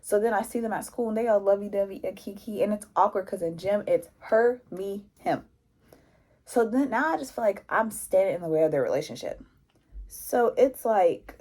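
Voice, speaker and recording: A young woman vlogger telling a casual storytime in a lively, slangy way, acting out what people said. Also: medium pitch, normal speed. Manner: animated, slangy, mimics people in quotes.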